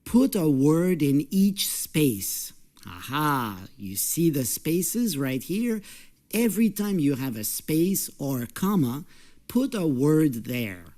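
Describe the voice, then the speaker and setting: An English teacher presenting a recorded video lesson, encouraging the viewer with questions and stressing syllables deliberately. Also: mid-range voice, very animated, mellow.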